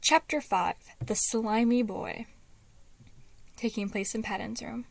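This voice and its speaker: Slow-reading woman narrating a story. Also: a little high, steady tone, gravelly. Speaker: fanfic reader. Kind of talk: reading a fan fiction aloud.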